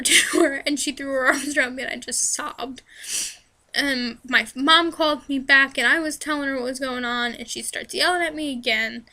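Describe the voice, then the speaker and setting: Speaking into her camera, a young woman vlogger from New Jersey tells stories Q&A-style in a casual, chatty way. Her high voice is bright and sharp yet slightly hoarse and straining, and she wanders through with frequent fillers, restarts, and "like."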